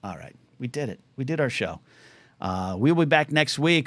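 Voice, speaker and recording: A man's voice: mid-range voice, normal speed, dry recording. Rambling Californian man hosting call-in show. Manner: rambling, self-deprecating, lively storyteller. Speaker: host of a live call-in show. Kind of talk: casual livestream talk-radio chat.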